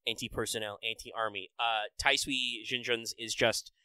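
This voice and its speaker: A man's voice: mid-range voice, steady tone, normal speed, pushed and bright, smooth, no echo, poor audio. A man hosting a casual podcast, enthusiastically breaking down game details with many fillers. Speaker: podcast host. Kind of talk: casual podcast chat about a mobile game.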